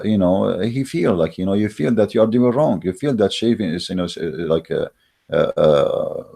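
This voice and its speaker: Male host, low mellow voice, mocking and emphatic, halting delivery. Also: gravelly. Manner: emphatic and mocking, with frequent hesitations. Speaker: channel host. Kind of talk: religious debate monologue. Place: Germany.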